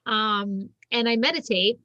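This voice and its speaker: A woman's voice: a little high, measured pace, bright, forceful tone, no echo, dull audio. A middle-aged woman talking as a podcast guest, telling stories earnestly with many likes and you-knows. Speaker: podcast guest, shamanic healer and former physician. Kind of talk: casual interview chat. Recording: dry close sound.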